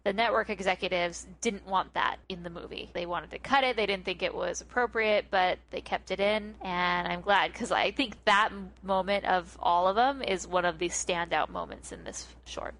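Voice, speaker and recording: A woman's voice: fairly low pitch, moderate pace, few pauses. A woman co-hosting a podcast, casually retelling a holiday cartoon with lots of laughs, acting out little bits of the scenes. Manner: animated, giggly storyteller who acts out scenes. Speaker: podcast co-host. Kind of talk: casual chat recapping a film.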